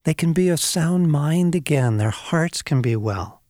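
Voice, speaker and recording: A man's voice: fairly high pitch, expressive, measured pace, a little mellow, no room sound, studio quality. A man co-hosting a podcast who chimes in with agreement and adds short reflections on faith. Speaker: podcast co-host. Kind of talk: conversational faith discussion.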